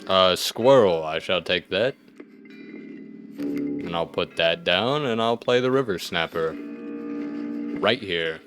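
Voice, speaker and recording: Low-voiced guy doing let's-play commentary, thinks out loud, dry little jokes, sometimes blurts out excitedly. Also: slow pace, pauses often, music in the background. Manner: thinks aloud, wry asides, sudden excited outbursts. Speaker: gaming video host.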